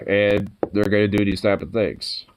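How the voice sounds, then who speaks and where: A man's voice: fairly low pitch, level tone, moderate pace, slight background noise, rough recording. A man in a casual, rambling monologue, swearing a lot and full of fillers.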